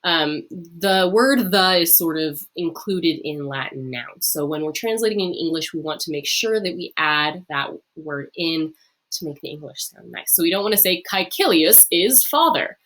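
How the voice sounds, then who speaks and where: A woman teaching a recorded online lesson, pronouncing phrases slowly for learners to repeat and explaining them in a friendly way with some fillers. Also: low-pitched, animated, a bit bright. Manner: slow, drawn-out modelling of phrases to repeat. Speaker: Latin teacher.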